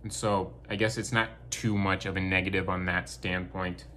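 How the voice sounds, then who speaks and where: Blunt man reviewing a film, low voice. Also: level tone, normal speed, pushed and bright, a little hiss or hum. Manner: blunt, candid opinions. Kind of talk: casual spoken review.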